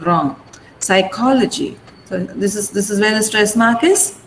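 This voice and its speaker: Firm online English teacher, a woman, over a call with light hiss; drills stress slowly and clearly. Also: mid-range voice, poor audio. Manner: slow deliberate syllable-by-syllable pronunciation; firm, instructive. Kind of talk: online class lesson. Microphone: video call.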